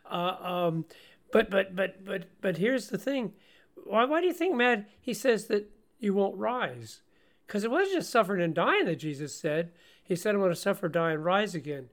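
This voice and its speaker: Man, fairly high voice, animated Bible teaching, quick laughs, stumbling restarts. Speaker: radio Bible-study co-host.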